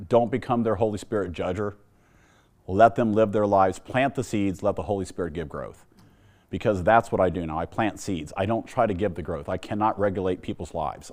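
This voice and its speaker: Earnest low-voiced man giving testimony. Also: a little mellow. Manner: earnest storytelling, exhorting listeners. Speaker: testimony speaker. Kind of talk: personal faith testimony.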